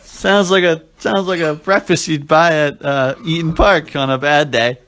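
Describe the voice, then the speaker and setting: A man's voice: on the high side, fairly even intonation, moderate pace, fairly bright tone. A man putting on a jokey mixed Cockney and Scottish accent as a tipsy bloke, playing it silly and exaggerated. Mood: goofy. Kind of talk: casual chat.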